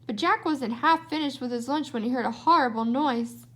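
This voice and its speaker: A woman reading a children's storybook aloud, giving the narration an expressive lilt. Her voice is high and light. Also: normal speed, few pauses. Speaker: storybook reader.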